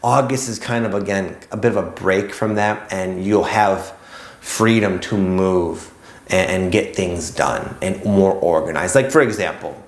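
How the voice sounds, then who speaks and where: A man speaks in a slightly low register, chatting to camera as the host of a spiritual channel. His delivery is loose and rambling, full of filler words like "like" and "kind of". The room around him sounds echoey. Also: a little slow. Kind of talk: casual spiritual talk to camera.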